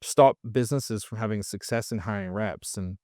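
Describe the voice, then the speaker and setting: A man's voice: lowish voice, normal speed, no room sound, studio quality. Blunt, profane man. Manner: blunt, profane, animated ranting. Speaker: guest. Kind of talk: casual podcast conversation.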